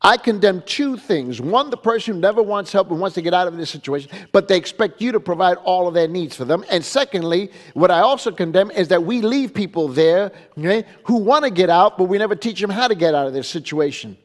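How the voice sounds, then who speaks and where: A man's voice: high-pitched, expressive, fairly quick, hardly any pauses. A man, a pastor, giving a teaching lecture in an emphatic style, repeating phrases and asking "okay?" to drive points home. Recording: long reverb of a hall.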